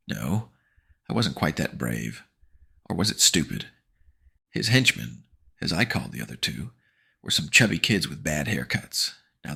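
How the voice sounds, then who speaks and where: A man's voice: a bass voice, gravelly, sharp tone, breathy edge. A man narrating a horror-comedy audiobook in a wry, joking manner.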